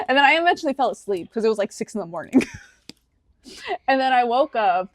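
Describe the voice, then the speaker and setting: A woman's voice: sits high, expressive, quick pace, no room sound. A woman in her twenties, co-hosting a podcast and telling a personal story animatedly, slipping into the voices of the people she quotes. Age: 20s. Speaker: podcast co-host. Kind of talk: casual chat.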